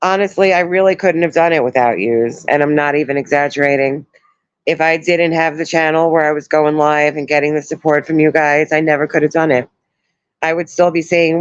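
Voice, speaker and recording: A woman in her thirties chatting on a live stream from home, sore after surgery, soft and emotional as she thanks her viewers. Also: deep voice, no room sound. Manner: soft, emotional, greets chat viewers warmly. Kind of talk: casual live stream chat. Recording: dull lo-fi stream audio.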